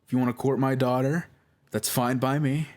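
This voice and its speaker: A man quoting a calm, supportive father laying down house rules in a measured, reassuring tone. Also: mid-range voice, voice pushed up, lightly acted.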